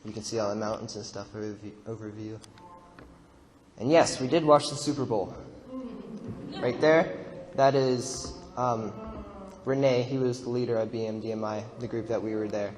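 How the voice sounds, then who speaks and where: A man's voice: lowish voice, steady tone, moderate pace, pauses often, darkish tone, big-room sound, a little hiss or hum. A young man casually recounting a mission trip while narrating a slideshow, rambling with fillers and laughs. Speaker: mission trip member giving testimony.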